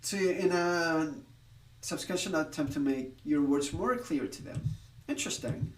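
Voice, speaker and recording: A man's voice: fairly high pitch, unhurried, reverberant, far from the mic, a little hiss or hum, poor audio. A man from Spain chatting casually on a live stream, rambling with restarts, laughing and swearing now and then.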